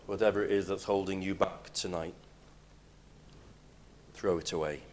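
A man preaching a sermon, emphatic, moving between loud declarations and hushed lines. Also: sits low, fairly even intonation, normal speed, a little hiss or hum.

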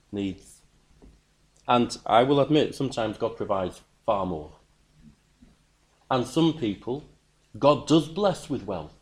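A man's voice: medium pitch, a little mellow. A man preaching a sermon, earnest and emphatic, repeating words as he builds his points.

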